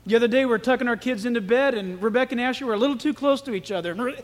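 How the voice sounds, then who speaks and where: High-voiced preacher in an echoey hall. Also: male voice, quick pace, hardly any pauses. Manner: animated storytelling preacher. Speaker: pastor. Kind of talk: sermon. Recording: echoey hall with long reverb.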